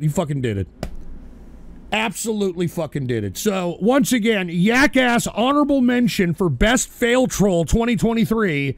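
A man hosts an online awards segment, swearing and ranting. His voice is high and gravelly, and it swings widely in pitch. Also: normal speed, no echo. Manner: profane, shouty, animated. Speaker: online show host.

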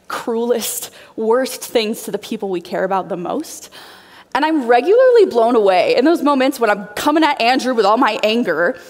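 A young woman giving an emotional, bubbly youth sermon, talking straight to teenagers. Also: on the high side. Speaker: youth pastor. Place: church youth hall. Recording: reverberant large hall.

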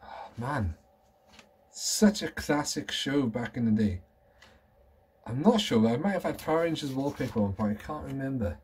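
Man, 30s, collector vlogger, excitable rambling chat, mid pitch, slight background noise. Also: normal speed, pauses often. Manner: rambling, enthusiastic, nostalgic. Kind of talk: casual show-and-tell chat.

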